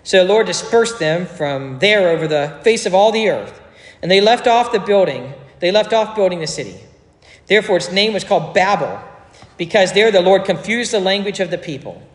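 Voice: medium pitch, lively intonation, normal speed. A pastor delivering a sermon, explaining scripture in a conversational way with joking asides. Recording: echoey hall with long reverb.

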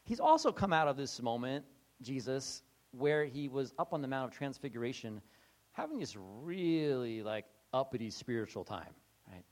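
A man preaching a conversational sermon, animated and chatty, slipping into quick acted-out voices with frequent restarts. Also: mid-range voice.

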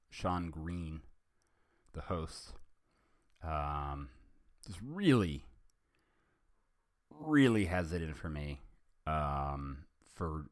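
A man's voice: extremely low pitch, no room sound, clean studio sound. A man hosting a podcast, reading fan fiction aloud and chatting hesitantly, with many ums and self-corrections. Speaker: podcast host.

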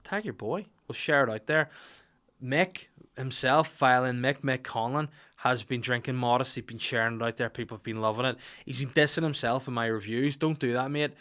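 A man in his thirties hosts a podcast, chatting casually into a studio mic. His talk is blunt and jokey, full of swearing, at an ordinary middle pitch. He reads listener questions and answers them off the cuff. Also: normal speed, fairly bright tone. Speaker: podcast host.

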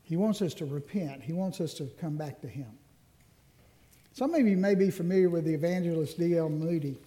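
A male minister delivers an earnest sermon in a high, mellow voice. He draws out the phrases that matter most and drops in the odd self-deprecating aside. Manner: earnest, slows down on key phrases. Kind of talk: Ash Wednesday sermon.

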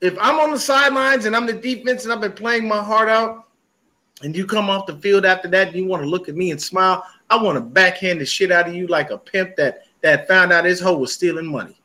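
A man co-hosting a sports podcast, telling animated stories in casual, profane chat. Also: sits high, fairly quick. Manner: animated storytelling with heavy cursing. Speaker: podcast co-host.

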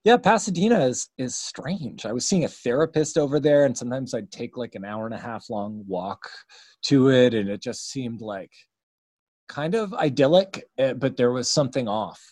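A man's voice: medium pitch, expressive, moderate pace, darkish tone, breathy edge, no room sound. A man hosting a casual podcast chat, talking in a meandering way with many fillers. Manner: meandering, chatty, lots of fillers. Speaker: podcast host interviewing a musician.

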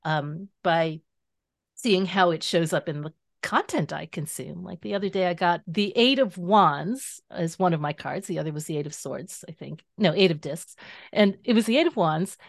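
A woman guest author talking through her practice in a casual interview, animated and explanatory, laughing easily. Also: fairly low pitch, moderate pace, vocal fry, no echo, clean studio sound. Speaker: guest author and tarot teacher.

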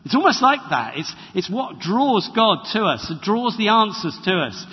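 A husky man preaches in a lively, high voice that swings up and down. His talk is conversational and animated. A long church reverb trails his words, and the recording is dull and lo-fi. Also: moderate pace. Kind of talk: sermon. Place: church hall.

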